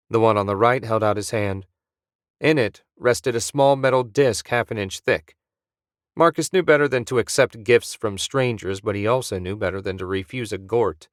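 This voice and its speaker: A man narrating a science-fiction audiobook in a steady storytelling manner on a close mic. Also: fairly low pitch, no room sound.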